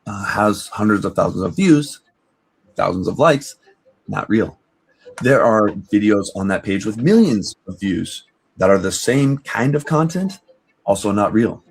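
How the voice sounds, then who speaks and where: A man calmly explaining on a podcast, plain and matter-of-fact. His voice sits on the low side. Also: unhurried, vocal fry, breathy edge. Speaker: podcast guest. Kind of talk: casual roundtable chat.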